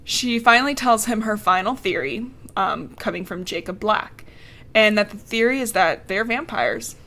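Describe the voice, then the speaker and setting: A woman with a bright, forceful, medium-pitched voice speaks at a normal speed while co-hosting a casual podcast. Recapping a novel, she's sarcastic and swears freely, mocking the characters' lines.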